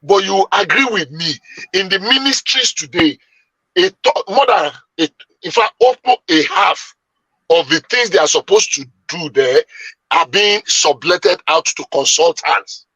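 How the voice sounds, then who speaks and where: Emphatic man, bright and husky. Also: high-pitched, animated, measured pace, no echo, poor audio. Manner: emphatic, argumentative, long-winded. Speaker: debate panelist. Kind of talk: heated debate.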